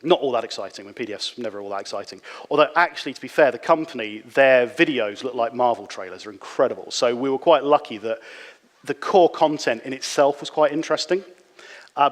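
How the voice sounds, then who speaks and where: A man giving a relaxed, conversational conference talk, with frequent fillers and restarts. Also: mid-range voice. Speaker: conference speaker. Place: conference hall. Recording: reverberant hall.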